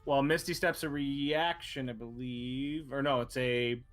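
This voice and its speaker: A man's voice: medium pitch, fairly even intonation, a little slow, fairly bright tone, faint music behind. A man narrating a tabletop game as game master, casual and rambling, cursing freely.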